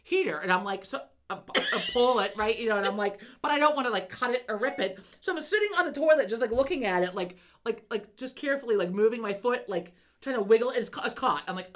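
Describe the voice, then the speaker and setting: A middle-aged woman co-hosting a podcast, telling a story in casual chat, animated, swearing freely and laughing as she goes. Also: a little high, quick pace, few pauses. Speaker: podcast co-host.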